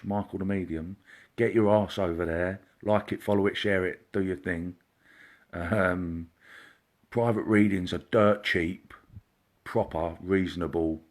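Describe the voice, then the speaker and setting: A man, a psychic medium, hosting a casual live stream, chatty and greeting viewers by name, sometimes dropping into a quiet murmur. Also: on the low side. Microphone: computer or phone mic, live stream.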